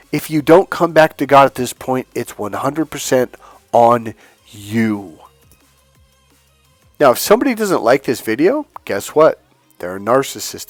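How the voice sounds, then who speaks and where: A man who coaches on dating and healing, giving an animated, preachy motivational talk and retelling a story. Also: a little high, measured pace, no echo. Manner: animated, acts out other people's lines in the story; preachy, emphatic. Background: faint music.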